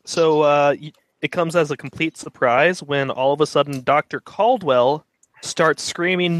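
A man running a tabletop game as game master, giving rulings and narration in a relaxed, matter-of-fact way. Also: on the high side, a little slow.

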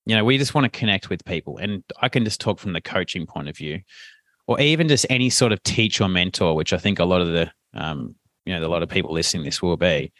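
A man, a coach talking casually as a podcast guest, animated and chatty with plenty of fillers. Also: low voice, quick pace, no echo, studio quality. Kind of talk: casual interview chat.

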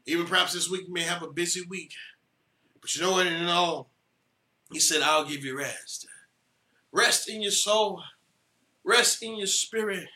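A man's voice: high voice, normal speed, pauses often, sharp tone, echoey room. A male pastor preaching a sermon, building emphasis through rhythmic repetition.

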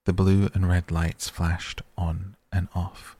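A man reading a storybook aloud at a slow, measured pace. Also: low voice, little pitch movement, mellow, breathy edge, dry recording. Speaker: narrator.

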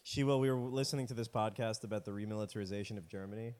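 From a home studio with a cat, a man co-hosts a casual comedy history podcast, joking around and slipping into silly put-on voices. He speaks rapid-fire in a fairly low, slightly mellow voice.

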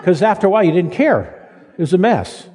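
An older man preaching a sermon in a folksy, halting way, with frequent restarts and self-deprecating humor. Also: high-pitched, big pitch swings, a little mellow. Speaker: pastor. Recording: reverberant hall.

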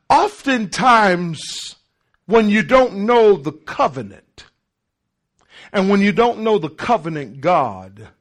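High-pitched preacher man, slow and animated. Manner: emphatic, swings from loud shouts to low murmurs; repeats and restarts words for emphasis. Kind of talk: call-and-response sermon.

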